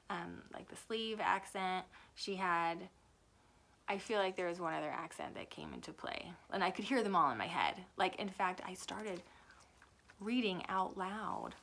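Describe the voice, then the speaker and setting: Chatty woman reviewing a book, slightly gravelly. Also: on the low side, fairly bright tone. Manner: chatty, rambling, self-correcting. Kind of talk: casual book review chat.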